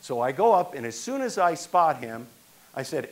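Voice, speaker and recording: Animated older man telling a story on stage. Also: a little high, moderate pace. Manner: animated storytelling, acting out the people he quotes. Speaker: stage performer. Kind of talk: one-man stage monologue.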